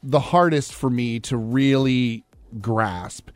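A man's voice: mid-range voice, slow pace, no room sound. A man from Iowa co-hosting a radio show, easygoing and self-deprecating in casual banter. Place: radio studio. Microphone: studio mic.

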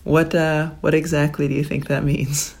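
A woman's voice: deep voice, level tone, normal speed, a little mellow. A woman in her forties, co-hosting a podcast in casual chat, telling rambling stories with many fillers. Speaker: podcast co-host and sports broadcaster.

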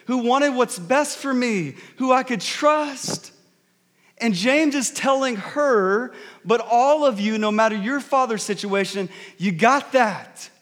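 A male pastor preaching a sermon, telling stories with animated, emphatic delivery. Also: extremely high pitch. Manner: animated storytelling, rising to emphatic peaks. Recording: long reverb of a large hall.

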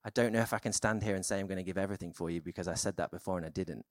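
A male preacher talks through his sermon in an easygoing, conversational way, often pausing on fillers. His voice sits on the low side and is recorded close, with almost no room sound. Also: dry recording.

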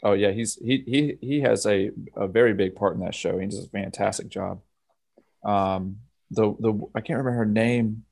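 A man with a Southern US accent chatting casually as a podcast co-host, laughing easily and pausing on fillers. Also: fairly low pitch, creaky, darkish tone. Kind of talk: casual chat.

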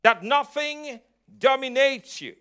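A man's voice: very high-pitched, lively intonation, takes it slowly, fairly bright tone, clear, resonant tone. A man preaching a sermon as pastor, emphatic and repetitive, drawing call-and-response answers from his congregation. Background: congregation answering amen.

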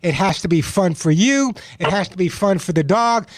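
Animated and high-pitched, this man speaks at a moderate pace on a dry recording. He's the host of a call-in radio show about pets who offers forceful advice, circles back to his points, and jokes around with dog impressions.

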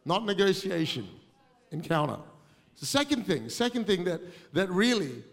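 Australian male preacher, high voice, energetic and self-deprecating, long reverb of a big hall. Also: a little slow, vocal fry. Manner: energetic, self-mocking storytelling with humor. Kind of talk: sermon.

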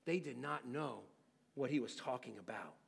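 A man preaching an expository sermon, dramatic and questioning, swinging between loud exclamations and near-hushed phrases. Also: medium pitch, moderate pace, creaky, husky, long reverb tail. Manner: asks the listeners rhetorical questions. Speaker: pastor.

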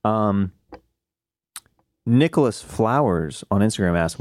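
A man's voice: lowish voice, a little slow, a little mellow, no echo. Brief: male comedy podcast host, casual, filler-heavy, dry close sound. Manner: loose, filler-heavy chat.

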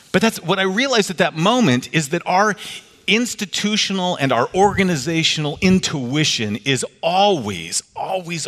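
A man giving a sermon, telling a story and lifting his voice when he quotes others. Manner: animated, rises in pitch for quoted voices. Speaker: preacher. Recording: long reverb of a large hall.

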